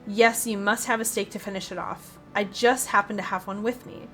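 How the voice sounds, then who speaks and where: A woman's voice: medium pitch, fairly even intonation, moderate pace, a bit bright, soft background music, lightly acted. A woman voicing a boozy old retired male vampire hunter, reading his lines in a put-on Western or Southern drawl. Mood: gruff, cadging.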